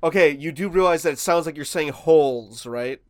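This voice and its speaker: A podcast co-host chats casually, telling stories with animation and laughing often. His voice sits a little high and moves at normal speed. The studio recording is clean, with no echo.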